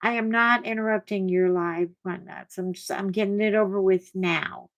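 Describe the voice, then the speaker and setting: A middle-aged woman chatting on her own livestream, telling stories in an animated way and shrieking when she quotes herself. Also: medium pitch, moderate pace, muffled recording. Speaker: livestream host. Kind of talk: casual chat to live viewers.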